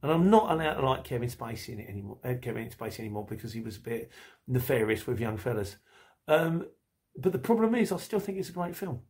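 A man's voice: medium pitch, animated, fast talker, darkish tone. A middle-aged man hosting a podcast, chatting casually and rambling while he reads out listener messages, laughing often. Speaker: podcast host.

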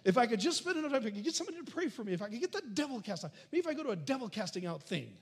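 A man preaching a sermon, animated, swinging from loud calls to hushed near-whispers. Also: extremely high pitch, racing, husky. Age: adult. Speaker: pastor.

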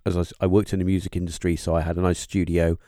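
A man hosting a podcast interview, talking in a halting, musing way with lots of fillers and restarts. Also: deep voice, level tone, warm tone, no echo, clean studio sound. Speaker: podcast host. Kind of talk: casual interview chat.

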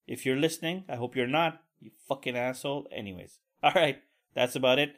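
A man's voice: mid-range voice, a little fast, a bit bright. A young man hosting a solo podcast, telling a profane, rambling story and venting with crude asides. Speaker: podcast host. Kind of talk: casual solo podcast rant.

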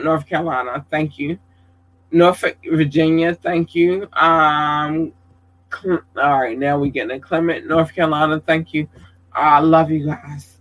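Effusive male streamer, unhurried delivery, bright forceful tone, affectionate and casually profane. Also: on the high side, steady tone, rough recording. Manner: effusive, calls viewers babies, swears casually. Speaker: content creator giving shout-outs. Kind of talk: casual livestream chat.

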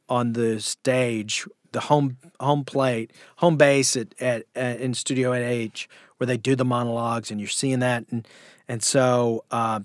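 Man, casual storyteller, animated, mid pitch, dry recording. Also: no echo. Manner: animated anecdote telling with acted-out quotes. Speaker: guest comedian and actor.

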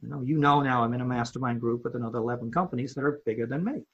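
A man's voice: medium pitch, rapid-fire, breathy edge, lo-fi sound. A man, a company owner and podcast guest, telling a personal story in a casual, candid way and acting out the quoted dialogue. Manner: animated storyteller who acts out quoted dialogue; casual and candid, with mild swearing.

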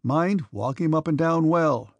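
A man voicing an eager, good-hearted young cavalry cadet with warm, brotherly cordiality, in a storybook reading. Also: fairly high pitch, a little slow, no room sound, dull audio, voice pushed up. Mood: friendly.

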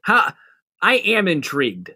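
A man's voice: high-pitched, huge pitch swings, unhurried, sharp tone, no room sound, studio quality. A man co-hosting a casual sports podcast, joking and rambling. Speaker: podcast co-host.

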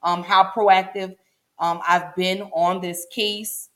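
A woman's voice: on the low side, flat delivery, slow pace, fairly bright tone. Woman, 40s, livestream host, chatty and emotional, addresses viewers directly. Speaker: show host. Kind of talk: casual livestream talk.

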